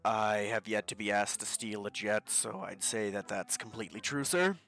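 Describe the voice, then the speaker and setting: A man's voice: on the low side, normal speed, a bit bright, faint music behind. A young man playing a tabletop role-play game, speaking in a polite, hesitant way. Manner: polite, hesitant, ends lines with "sir". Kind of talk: in-character role-play talk.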